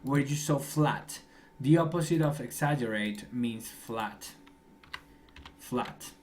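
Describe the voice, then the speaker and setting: A man's voice: medium pitch, slow pace, a little hiss or hum. Chatty man teaching English online. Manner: encouraging, chatty, laughs often. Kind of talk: online class feedback.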